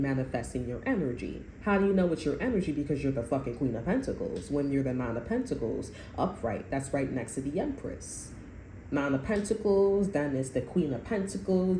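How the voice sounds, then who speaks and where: A woman with a low, mellow voice gives a casual tarot reading. She talks bluntly, swears freely and circles back over her points. Her voice carries a roomy echo over faint background noise. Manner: blunt and profane, rambling, repeats itself. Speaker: tarot reader.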